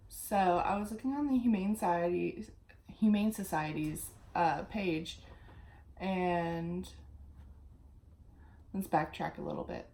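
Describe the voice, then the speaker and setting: A woman's voice: lowish voice, steady tone, takes it slowly, vocal fry, long pauses, a little mellow. A young woman telling a rambling, chatty story while getting ready on her vlog. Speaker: vlogger. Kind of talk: get-ready-with-me story time.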